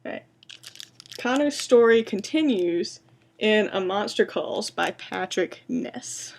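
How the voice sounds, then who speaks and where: A woman giving a booktalk presentation, introducing books and reading excerpts aloud in a quiet, measured way. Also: mid-range voice, expressive, slight background noise. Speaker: library science student presenting books.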